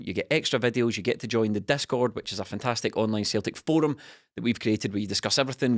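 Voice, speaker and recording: A man hosting a football podcast, brisk and upbeat with a teasing edge. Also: fairly low pitch. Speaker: podcast host. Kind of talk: casual podcast chat.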